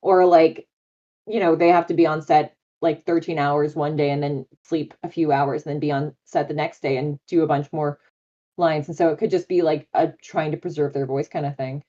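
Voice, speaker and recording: A woman's voice: low-pitched, fairly even intonation, moderate pace, dark tone, dull audio. A woman voice actor as a guest on a live interview chat, talking in a bubbly, enthusiastic way with many fillers.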